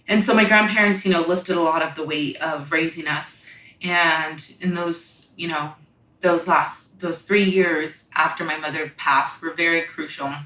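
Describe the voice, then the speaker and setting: A young woman telling a personal story in a halting, reflective way, often pausing with "like" and "you know.". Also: low voice, steady tone, bright, forceful tone. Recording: echoey room.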